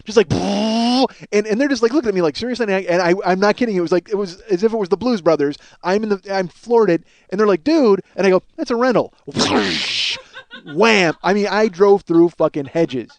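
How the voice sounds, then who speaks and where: This comic storytelling monologue comes from a middle-aged podcast host from around Chicago who rambles through profane, self-deprecating tales and performs the other voices. He speaks at a moderate pace in a creaky voice pitched a bit above typical for a man. The recording is dry and close, without room echo.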